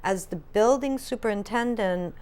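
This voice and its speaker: A woman co-hosting a casual paranormal chat, telling stories in a chatty, animated way. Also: mid-range voice, moderate pace, clear, resonant tone. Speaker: paranormal podcast co-host.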